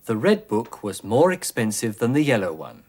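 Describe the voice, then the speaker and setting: A man teaching English in a scripted 1980s television lesson, speaking clearly and deliberately through word drills. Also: medium pitch, sing-song, a little mellow. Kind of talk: slow, scripted language lesson. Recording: 1980s educational television recording.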